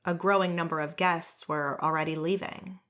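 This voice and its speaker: A woman reading a fantasy audiobook in a steady, measured storytelling voice. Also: lowish voice. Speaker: audiobook narrator. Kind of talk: scripted narration.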